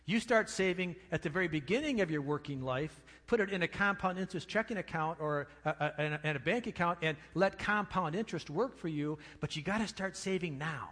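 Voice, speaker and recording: Male pastor, mid-high voice, emphatic sermon delivery with repeated key words; church sanctuary with reverb. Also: a little fast, few pauses, fairly bright tone. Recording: long reverb of a church hall.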